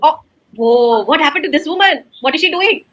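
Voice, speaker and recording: A woman teacher, leading a child through an online class. Her voice sits high and rings bright, and she keeps up a stream of encouragement broken by frequent laughter. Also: fast. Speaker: teacher in a recorded demo class. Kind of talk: animated kids' online class.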